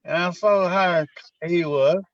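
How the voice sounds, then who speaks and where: An older man being interviewed, recounting personal memories in an unhurried storytelling way and acting out what people said. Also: high-pitched, dry recording, lo-fi sound. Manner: unhurried storyteller who acts out quotes. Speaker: interviewee, former minister.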